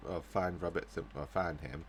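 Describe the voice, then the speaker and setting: A man with a low, deep voice talks through a game as he plays, hesitating and thinking out loud. He sounds groggy, as if he just woke from a nap, and hiccups and burps now and then. A faint hiss sits under the recording. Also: steady tone, moderate pace. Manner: rambling, hesitant, thinking aloud. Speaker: gaming YouTuber. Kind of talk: casual let's-play commentary. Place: at home, recording without a camera.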